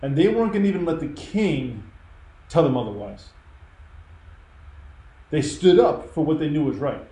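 A man's voice: fairly high pitch, warm tone. Earnest man preaching in an echoey room. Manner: earnest, emphatic, conversational. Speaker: pastor. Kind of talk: sermon. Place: church.

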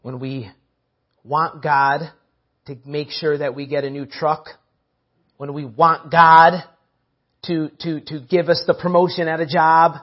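A man's voice: a little high, muffled recording. A man preaching a sermon, emphatic, repeating phrases and calling out to the church.

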